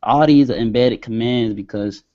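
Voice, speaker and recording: A man hosting a marketing webinar, talking casually and slowly dictating words as he types. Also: medium pitch, warm tone. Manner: casual, talks while typing, stretches words as he dictates. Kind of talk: screen-share tutorial. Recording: dull lo-fi webinar audio.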